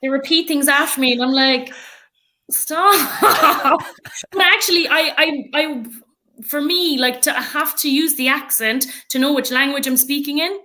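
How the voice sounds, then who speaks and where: An Irish woman talking as a guest in a relaxed podcast chat. Her voice is bright and sits a little high, and she talks in an animated, rambling way with lots of fillers and easy laughter. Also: moderate pace. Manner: chatty and animated, laughs often, many fillers. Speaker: podcast guest, rugby player and coach. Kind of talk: casual chat.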